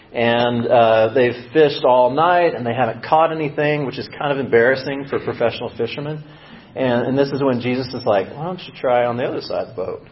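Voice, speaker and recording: A man preaching a sermon in a casual, storytelling way with many fillers and restarts. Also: mid-range voice. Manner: conversational storytelling with frequent fillers. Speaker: pastor. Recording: dull lo-fi audio with faint background noise.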